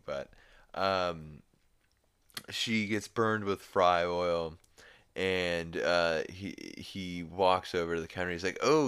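A man's voice: low voice, fairly bright tone, clear, resonant tone, no room sound, studio quality. A young man hosting a podcast, recapping a cartoon episode in a rambling, laid-back way with casual swearing. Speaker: podcast host.

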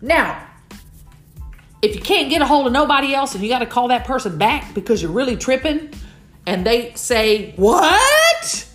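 Woman, comedic motivational speaker, lively storyteller who plays out others' voices; higher voice, roomy echo. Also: moderate pace, faint music behind. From Houston, Texas. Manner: animated storytelling, playfully acting out other people. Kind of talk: comedic motivational talk to an audience.

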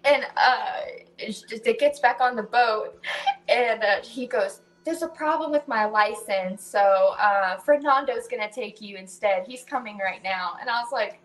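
A woman's voice: on the high side, a little slow, soft background music. A woman co-hosting a casual chat, telling stories with lots of laughter and swearing. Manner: animated storytelling, laughing often, swearing. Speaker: co-host.

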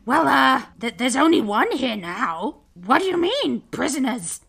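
A woman's voice: high-pitched, sing-song, measured pace, creaky, a bit bright, breathy edge, full character voice. A woman voicing a nervous male guard on a rope bridge, stammering and flustered. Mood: confused.

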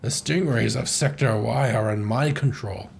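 A man voicing a smug, vengeful male ape villain in a comic, speaking slowly and menacingly. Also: mid-range voice, vocal fry, slight background noise, close to an everyday voice. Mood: gloating. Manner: slow, drawn-out, menacing delivery.

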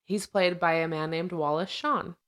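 A woman's voice: on the low side, steady tone, moderate pace, a bit bright. Chatty woman recapping a film. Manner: chatty, laughs often, retells scenes and trivia. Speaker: podcast co-host. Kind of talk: casual chat recapping a film.

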